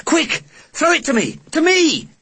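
A man voicing an impatient young woman fighter in an audiobook, shouting urgently in a falsetto. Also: huge pitch swings, a little slow, exaggerated voice.

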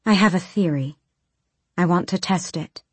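A woman voicing a calm, determined female healer who speaks in a steady, firm, commanding way. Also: lowish voice, normal speed, breathy edge, no echo.

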